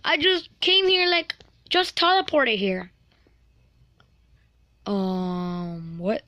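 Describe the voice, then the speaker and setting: A woman voicing a hot-headed male cartoon bird in a fan toy role-play, in an excited, emphatic manner. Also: mid-range voice, extremely slow, no echo.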